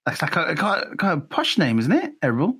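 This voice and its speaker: An English man co-hosting a podcast in a relaxed chat. His pitch swings up and down a lot, and he stops and restarts his sentences, slipping laughs in between phrases. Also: brisk, slightly rough. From England. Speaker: podcast co-host. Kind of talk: casual chat.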